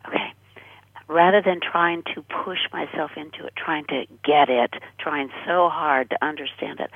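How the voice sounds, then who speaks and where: An older American woman tells her personal story as a radio interview guest. She speaks earnestly and often sinks to a breathy near whisper. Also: low-pitched, moderate pace, dry recording. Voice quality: husky, gravelly, breathy. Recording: dry tinny phone-line radio sound.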